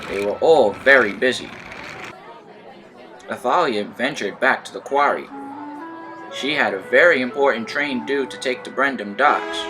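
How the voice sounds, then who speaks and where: A man narrating a toy train story with an expressive, lively reading. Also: medium pitch. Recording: voice over loud music.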